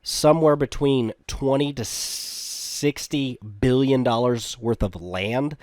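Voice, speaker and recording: A man co-hosting a podcast, chatting casually and riffing with quick silly bits. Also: mid-range voice, dry recording, studio quality. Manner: animated, does quick silly voices in bits. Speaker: podcast co-host. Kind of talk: casual comedic chat.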